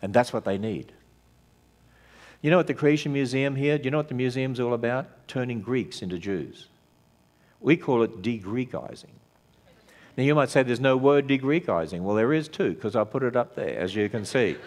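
A man's voice: medium pitch, lively intonation, moderate pace, darkish tone. Man preaching to a crowd, emphatic, keeps firing rhetorical questions. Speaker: ministry speaker. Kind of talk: sermon-style talk.

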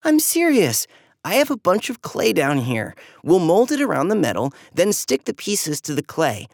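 The storybook narrator voicing an anxious, earnest young girl, high and pleading. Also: wildly swooping pitch, normal speed, gravelly, no echo, clean studio sound, exaggerated voice.

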